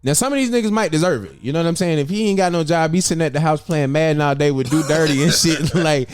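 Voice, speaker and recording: A man's voice: fairly high pitch, quick pace, smooth, no echo, soft background music. A man co-hosting a casual podcast chat, talking bluntly and riffing in a joking, profane way. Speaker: podcast co-host.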